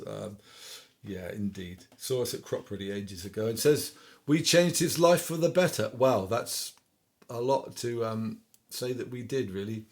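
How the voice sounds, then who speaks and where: Speaking with a West Country accent, a man hosts a lockdown request show from his home, reading dedications and chatting casually between his songs as a singer-songwriter. His creaky voice sits at medium pitch, with faint guitar behind him.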